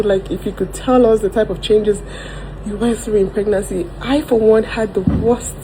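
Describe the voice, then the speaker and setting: A woman's voice: a little high, background noise. A woman vlogging in an earnest, heartfelt way, leaning on "like" and exclamations as she tells personal stories. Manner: earnest, frequent "like" and "oh my God". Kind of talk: emotional personal vlog.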